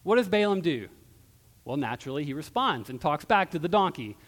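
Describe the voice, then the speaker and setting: A male pastor preaching a sermon in a church, retelling a story in a conversational way with a quiet close. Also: fairly high pitch, big pitch swings, a little fast. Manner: conversational storytelling, dropping softer at ends of phrases. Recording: long hall reverb.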